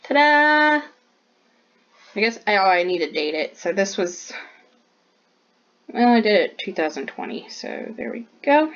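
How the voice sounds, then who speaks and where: A woman's voice: mid-range voice, animated, measured pace, pauses often, fairly bright tone, highs cut off. A woman artist chatting casually while showing her sketchbook drawing, bubbly and full of "like" fillers.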